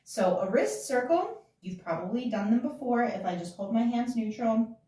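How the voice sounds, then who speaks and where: A woman's voice: fairly high pitch, lively intonation, moderate pace, warm tone, recorded from a distance. Woman dance instructor, casual and chatty, counts beats aloud, recorded off-mic in a very echoey room.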